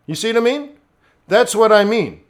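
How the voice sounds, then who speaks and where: A middle-aged man with a rather high voice hosts a live trading stream. He talks bluntly and casually, coaching viewers and answering their chat messages by name. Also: lively intonation, normal speed. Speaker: forex trading livestream host.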